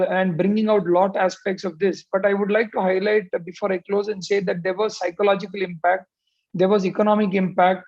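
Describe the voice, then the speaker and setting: A man's voice: sits high, darkish tone. A man giving reflective opening remarks on a panel, hesitant with many fillers, over a video call. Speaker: panelist, surgeon. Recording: dull lo-fi call audio.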